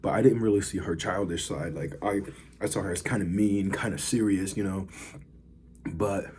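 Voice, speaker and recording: A man's voice: low-pitched, steady tone, normal speed, a little mellow, husky. A man talking casually to camera, rambling with fillers as he reviews food and tells a story. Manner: laid-back, rambling with fillers. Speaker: vlogger.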